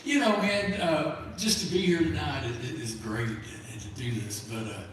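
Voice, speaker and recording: A man's voice: fairly high pitch, moderate pace, a little hiss or hum. Easygoing folksy man on a stage. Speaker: program staff speaker. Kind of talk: casual stage banter. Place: large hall, live show. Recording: echoey hall from far off.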